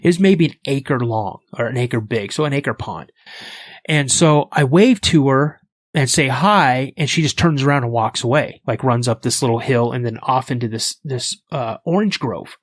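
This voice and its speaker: Animated man telling a story. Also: medium pitch, normal speed, dry recording. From United States. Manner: animated, acts out the voices in his story. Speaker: podcast guest. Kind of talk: casual storytelling.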